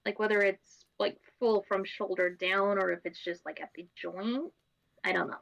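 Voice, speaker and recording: A woman co-hosting an art stream, chatting casually and thinking out loud. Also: mid-range voice, steady tone, normal speed, creaky, muffled recording. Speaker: co-host. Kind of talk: casual chat while drawing on stream.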